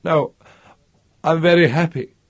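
A man's voice: medium pitch, very animated, normal speed, darkish tone, breathy edge, dry recording, studio quality, full character voice. A man reading aloud voices a shy, emotional young woman who is sobbing and eager by turns. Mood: tearful. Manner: breathless and eager, then sobbing.

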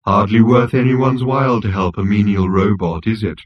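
A man voicing a gloomy male robot who intones slowly and mournfully. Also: fairly low pitch, steady tone, dull audio, lightly acted. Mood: morose.

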